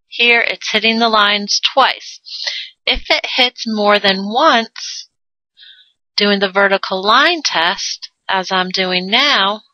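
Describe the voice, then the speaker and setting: A woman's voice: medium pitch, takes it slowly, pushed and bright, no echo. A woman teaching a math lesson in a playful way, adding silly sound effects and jokes. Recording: dull lo-fi dry recording.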